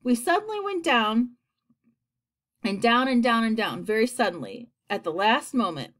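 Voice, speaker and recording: A woman's voice: fairly high pitch, big pitch swings, normal speed, a bit bright. A woman reading aloud and voicing a gloomy, complaining male earthworm.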